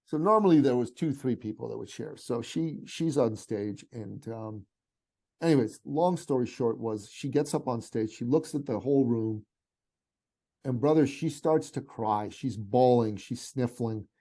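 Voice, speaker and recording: A middle-aged man from Iran, a podcast guest and business coach, telling a story in an animated, heartfelt way with casual asides. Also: mid-range voice, measured pace, vocal fry.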